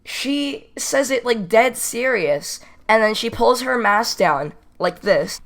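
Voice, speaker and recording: A man's voice: extremely high pitch, slow, hardly any pauses. A teenage boy casually telling a story from school, rambling and repeating himself as he goes. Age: teens. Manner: rambling, repeats "not even kidding". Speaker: storytime vlogger.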